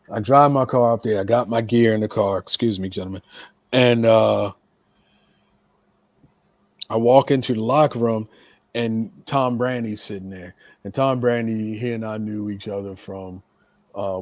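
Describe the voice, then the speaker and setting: A man's voice: fairly low pitch, no room sound. A veteran wrestler, a man, telling a backstage story in a casual, profane style. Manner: animated, profane, repeats words.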